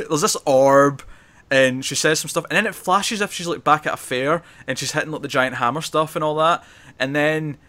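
Male host for a casual comic chat; bright, forceful voice, quick and rambling. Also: on the high side. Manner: animated, quick, chatty, trails off mid-sentence. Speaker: podcast host.

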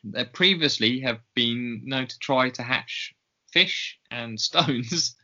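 A man co-hosts a podcast, chatting casually and hesitantly with lots of ums along the way. His voice has a bright, sharp edge. The sound is slightly dull and lo-fi. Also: medium pitch, takes it slowly. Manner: chatty and hesitant, with many ums and frequent laughs. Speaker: podcast co-host. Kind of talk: casual chat.

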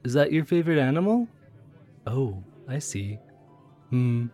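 An actor playing a friendly, chatty train conductor in an audio drama role-play, curious and easily excited. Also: male voice, mid-range voice, unhurried, soft background music.

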